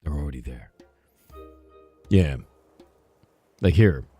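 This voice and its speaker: Deep hoarse man chatting on stream. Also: lively intonation, slow pace, warm tone, faint music behind. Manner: rambling, answers chat with asides and "right?". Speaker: streamer and game developer. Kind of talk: casual live-stream chat.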